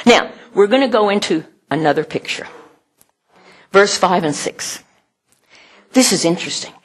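A woman's voice: mid-range voice, animated, normal speed, pauses often, slightly rough. A middle-aged woman giving a sermon in a conversational way, laughing often and acting out the voices she quotes. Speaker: pastor.

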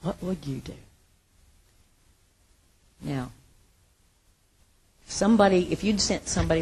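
A woman teaching from the Bible in a casual sermon, retelling the story with lively acted quotes and laughter. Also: mid-range voice, normal speed, pauses often, slightly rough.

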